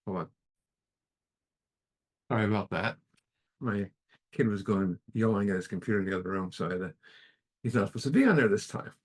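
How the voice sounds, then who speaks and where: A middle-aged man giving a casual spiritual talk at a study group, halting and filling pauses with "you know" as he tells a parable. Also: fairly low pitch. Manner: halting, with restarts and many fillers.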